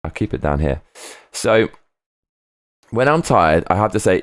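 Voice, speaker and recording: Guy streaming live, chats and reads out comments, kinda low voice, dry close mic. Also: big pitch swings, unhurried, pauses often, no echo. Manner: rambling and chatty, swears freely; reads viewer comments aloud. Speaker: live streamer reading chat. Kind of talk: casual live-stream chat.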